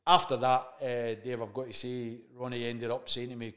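A man's voice: medium pitch, level tone, moderate pace, fairly bright tone. A man with a Scottish accent, a chat show guest telling a story in casual conversation, swearing freely and acting out the dialogue he remembers.

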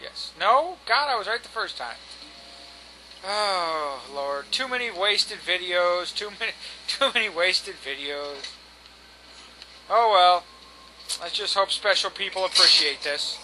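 A man's voice: high-pitched, expressive, slow, pauses often, pushed and bright, a little hiss or hum, poor audio. A man giving casual let's-play commentary, exasperated and swearing at the game and at himself. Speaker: gameplay commentator.

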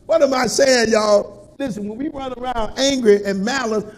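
Preacher, male, very high voice, preaching cadence, folksy and punchy. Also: normal speed. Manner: call-and-response preaching, colloquial, rising to shouts. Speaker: pastor. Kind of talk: sermon.

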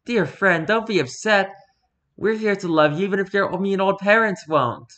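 A man voicing a possessive, inhuman carnival entity that coos sweetly, then sinks low and menacing. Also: moderate pace, pushed and bright. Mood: coaxing. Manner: syrupy, cooing, turning low and menacing.

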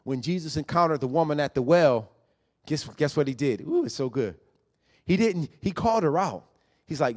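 Emphatic preaching man, higher voice. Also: expressive, normal speed. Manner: conversational preaching, builds to loud emphatic peaks. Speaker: pastor. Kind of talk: sermon.

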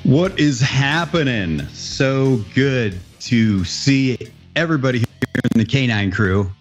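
A man's voice: medium pitch, animated, takes it slowly, faint music behind. A man hosting a podcast interview, chatty and joking, telling loose stories with restarts. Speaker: podcast host. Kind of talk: casual interview chat. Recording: dull lo-fi podcast sound.

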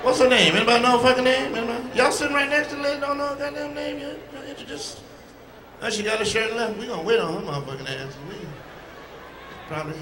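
A man doing crowd work in live stand-up, loud and profane as he teases people in the audience. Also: high-pitched. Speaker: stand-up comedian. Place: large comedy venue with live audience. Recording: echoey live hall with room noise.

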